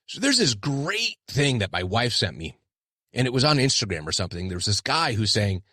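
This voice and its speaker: A man's voice: medium pitch, big pitch swings, brisk, bright, forceful tone, no room sound, studio quality. A middle-aged man hosting his own podcast, talking candidly and self-deprecatingly in a rambling casual monologue. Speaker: podcast host.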